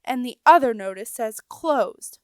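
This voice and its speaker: A woman's voice: on the high side, animated, measured pace, clean tone, dry recording. Woman doing a fussy old male rat clerk. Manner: flustered, apologetic, stammering.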